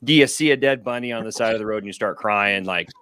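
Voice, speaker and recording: A man's voice: fairly low pitch, quick pace, bright, forceful tone, clean tone, dry recording. A man explaining a health topic in a casual, matter-of-fact way during a group chat stream. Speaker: guest doctor.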